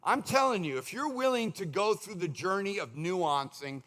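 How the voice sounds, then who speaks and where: A male pastor preaching a sermon in a conversational, animated way, slipping into quick mimicked asides. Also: sits high. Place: church sanctuary.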